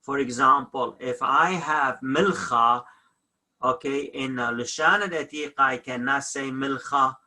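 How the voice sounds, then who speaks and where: A man's voice: mid-range voice, measured pace, bright, forceful tone. A man teaching a language lesson, repeating each example word and often correcting himself.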